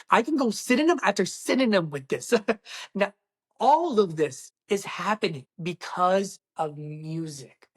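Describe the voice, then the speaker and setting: Excitable woman reviewing a movie. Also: on the low side, breathy edge. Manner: excitable, exclamatory, talks straight to viewers. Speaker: film reviewer.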